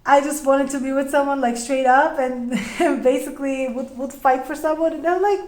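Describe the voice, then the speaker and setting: Young woman, high voice, chatty tarot reader in an echoey room, laughs a lot. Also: fairly even intonation, moderate pace, hardly any pauses, darkish tone. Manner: chatty, laughs often, trails off and restarts. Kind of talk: casual tarot reading.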